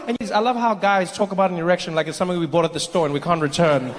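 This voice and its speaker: A man doing stand-up comedy in a large theater, animated and acting out voices. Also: high voice, rapid-fire, hardly any pauses. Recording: echoey hall, faint crowd.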